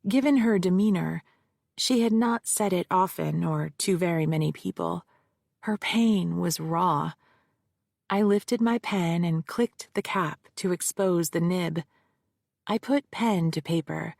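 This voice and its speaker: Woman narrator, low gravelly tone, dry close mic, measured first-person read. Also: darkish tone, dry recording. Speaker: audiobook narrator.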